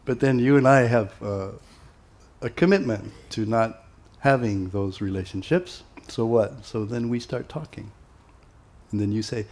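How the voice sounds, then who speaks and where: A man giving an informal spiritual talk to devotees in a relaxed, conversational way, with many pauses and acted-out quoted exchanges. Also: fairly low pitch. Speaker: monastic teacher.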